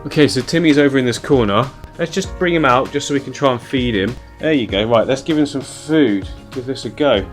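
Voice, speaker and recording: A man hosting a casual vlog at home, talking warmly to his pet and putting on little voices for it. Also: mid-range voice, brisk, few pauses, faint music behind. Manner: chatty, coos at the pet, puts on little voices for it. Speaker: aquarium channel host. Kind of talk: casual vlog chat to camera.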